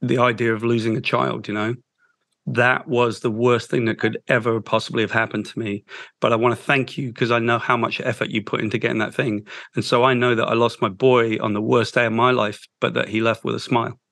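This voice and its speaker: A man, a guest in an interview, telling an emotional story in a halting, heartfelt way. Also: mid-range voice, little pitch movement, vocal fry, dry recording. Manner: halting, with restarts, soft and heartfelt.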